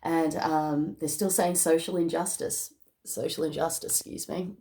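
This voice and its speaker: A woman talks through a tarot reading in a loose, chatty way, with lots of fillers and frequent laughs. Her voice sits a little low and has a gravelly, fry-laden edge. She is casual and emotional. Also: fairly even intonation, moderate pace, warm tone. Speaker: tarot card reader. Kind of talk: casual spiritual reading to camera.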